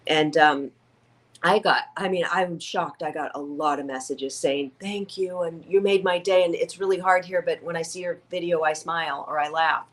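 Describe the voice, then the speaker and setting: A woman speaking as an interview guest, her voice sitting a little low. She tells her story with feeling, slipping into the voices of people she quotes, and sounds near tears. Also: steady tone, normal speed. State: tearful. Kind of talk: conversational interview.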